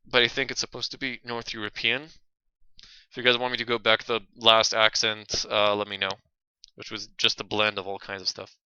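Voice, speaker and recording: A man's voice: on the low side, poor audio. A man streaming a video game, chatting casually with viewers between dialogue. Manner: relaxed, chatty, talking to chat. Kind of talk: let's play commentary. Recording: game music playing underneath.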